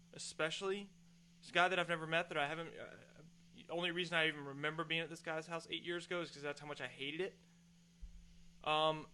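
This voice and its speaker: A man's voice: on the high side, sharp tone, a little hiss or hum. A man hosting a podcast, telling a heated, profane, exasperated story in a casual rant. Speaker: podcast host. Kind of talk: casual ranting monologue.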